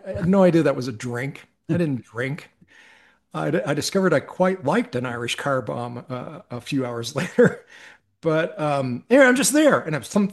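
A middle-aged man, a podcast guest, telling a personal story in an earnest, reflective way, with frequent restarts. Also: fairly high pitch.

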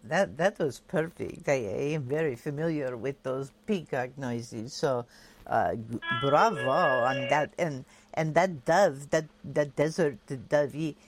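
A woman's voice: rumbling low, slow pace, faint music behind. A woman hosting a call-in radio show, chatting with callers in a playful, breezy, theatrical way.

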